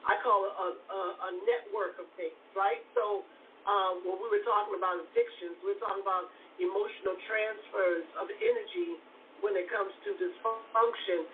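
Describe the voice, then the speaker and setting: A woman's voice: medium pitch, lively intonation, normal speed. A woman hosting a talk show as a therapist, speaking emphatically, repeating herself and often asking if you follow. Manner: emphatic and repetitive, often asks "you know what I'm saying". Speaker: host and therapist. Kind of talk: conversational talk show discussion. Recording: phone-like audio from far off with faint noise.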